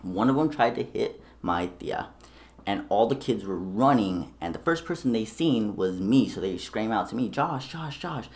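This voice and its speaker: A young man telling stories in casual chat, swearing often and animated. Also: on the low side, moderate pace. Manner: profane, animated storytelling. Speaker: storyteller.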